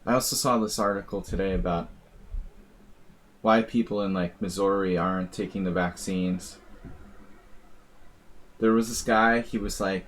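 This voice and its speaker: A man's voice: sits low, fairly even intonation, unhurried, long pauses, a little hiss or hum. A man streaming blitz chess and chatting casually, wry and rambling, laughing at his own jokes. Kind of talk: casual live-stream chat.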